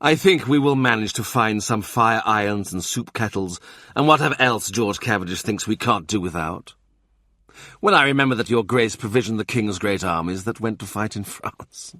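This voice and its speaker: A man voicing a blunt, plain-spoken male advisor of humble birth in an audiobook, steady and practical. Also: fairly low pitch, normal speed, dry recording, studio quality. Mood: reassuring.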